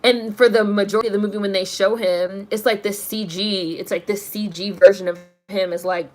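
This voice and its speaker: A woman's voice: medium pitch, steady tone, brisk, a little mellow. A woman casually ranting to her stream chat about a movie, swearing, laughing and saying "like" constantly. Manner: profane, exasperated, laughs while ranting; heavy use of "like". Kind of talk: casual rant to a live chat.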